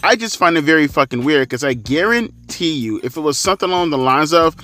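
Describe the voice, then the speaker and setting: Male, 30s, sarcastic foul-mouthed ranter, slightly high and sharp-edged delivery. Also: animated, a little fast. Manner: profane, sarcastic, ranting. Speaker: wrestling commentator. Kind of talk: ranting commentary.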